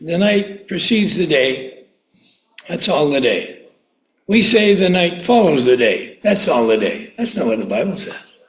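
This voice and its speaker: A man preaching a sermon, reading scripture slowly and with emphasis and putting questions to his listeners. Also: fairly high pitch, very animated, roomy sound, muffled recording. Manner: slow and emphatic, drawing out quoted verses, asking questions.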